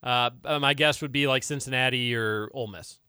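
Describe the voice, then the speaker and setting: Guy cohosting radio, bright voice, opinionated, dry close mic. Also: medium pitch, clear, resonant tone, no echo. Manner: quick, opinionated, repeats words for emphasis. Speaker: co-host of a radio sports and politics show. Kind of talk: casual talk-radio banter.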